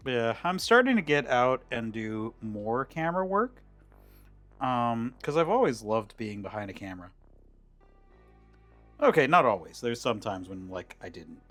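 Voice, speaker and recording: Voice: mid-range voice, big pitch swings, measured pace, a bit bright. Cooking streamer, casual rambling chat, lots of fillers, mid-range voice, faint music behind. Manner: rambling, chatty, with many fillers and restarts. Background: faint background music.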